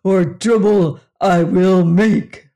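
An audiobook reader voicing a huge, hairy, belligerent male alien warrior who speaks in loud, commanding growls. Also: mid-range voice, steady tone, very slow.

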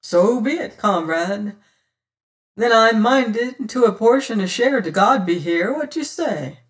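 A reader voicing a shrewd, whimsical old sea rover who speaks in archaic seafaring talk and sometimes drops to a hush, heard from a distant mic. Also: mid-range voice, lively intonation, unhurried, voice pushed up, close to an everyday voice. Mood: hearty. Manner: archaic seafaring speech, hushed at times. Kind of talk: audiobook character reading.

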